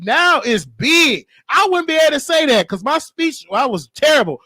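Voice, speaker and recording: A man hosting a casual commentary show with a Chicago accent, talking animatedly and jumping into shrill voices for quotes. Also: a little fast, hardly any pauses, dry recording, clean studio sound. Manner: animated, shifts into high shrieking voices for quotes. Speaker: show host.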